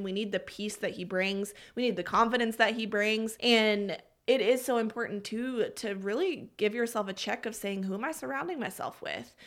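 A woman's voice: mid-range voice, fairly bright tone. A woman, hosting a faith-based podcast and talking earnestly and heartfelt, close to tears. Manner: earnest, heartfelt, confessional, addresses listeners as y'all and friend. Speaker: podcast host.

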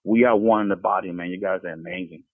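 A man's voice: low voice, fairly even intonation, quick pace, no room sound. Earnest man on a tinny phone line. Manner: earnest, stumbling restarts. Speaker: podcast guest. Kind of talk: casual Christian testimony.

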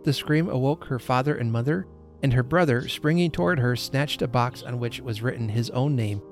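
Guy reading an old christmas story on his podcast, calm and expressive, faint music behind. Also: mid-range voice, moderate pace. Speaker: podcast host.

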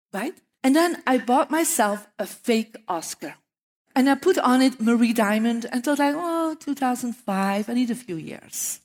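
Woman telling lively stories on stage. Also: on the high side, in a large hall. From Belgium. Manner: animated, laughs at own stories. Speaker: feng shui teacher. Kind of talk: storytelling talk to a live audience.

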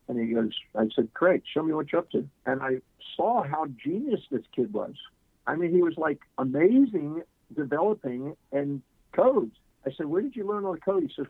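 A man's voice: on the high side, slightly rough, no room sound, narrow, tinny audio. A man telling a story as a guest on a radio interview show, acting out the voices of the people in it. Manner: animated anecdote teller, acts out quoted voices. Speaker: guest speaker.

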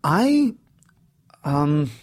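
A man with an Indian accent, a stand-up comedian in his thirties, chatting in an interview and telling animated stories, often saying "you know". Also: on the high side, drawn-out words. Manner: lively storyteller, peppers speech with "you know". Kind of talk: casual interview conversation.

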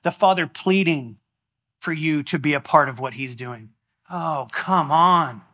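A man preaching a sermon in a church, animated and exclamatory in a conversational way. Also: a little high, normal speed. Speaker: pastor.

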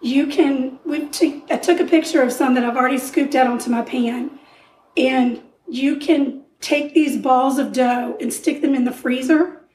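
A woman's voice: sits high, steady tone, moderate pace, a little mellow, a little hiss or hum. Woman with a tired, strained voice walking through a recipe, sounds far off, roomy echo. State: weak, strained voice. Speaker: podcast co-host. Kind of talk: casual chat, explaining a recipe.

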